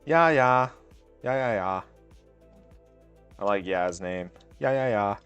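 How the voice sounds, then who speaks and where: A man's voice: lowish voice, expressive, slow pace, fairly bright tone, clear, resonant tone, lo-fi sound, faint music behind. A man hosting a casual livestream, joking and laughing often as he talks to chat while working on a craft. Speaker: livestream host.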